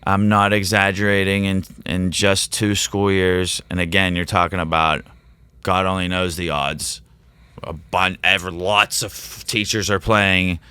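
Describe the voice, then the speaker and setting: Excitable male teacher guest, rambling storyteller, slightly low, smooth clear tone. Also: a little slow, no echo. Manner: rambling, excitable, quotes himself in animated voices. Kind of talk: casual storytelling in a podcast interview.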